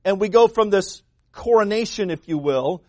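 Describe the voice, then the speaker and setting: This man is a pastor giving a sermon, narrating the story animatedly and voicing the figures in it as if chatting with listeners. His pitch is high, his speed is normal, and no room sound is heard.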